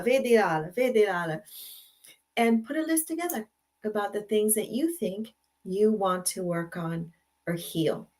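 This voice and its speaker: A woman's voice: medium pitch, expressive, measured pace, a little hiss or hum. An older woman hosting a casual live stream from her computer, talking in an affirming way and often repeating her words. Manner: warm, affirming, repeats phrases. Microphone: computer mic.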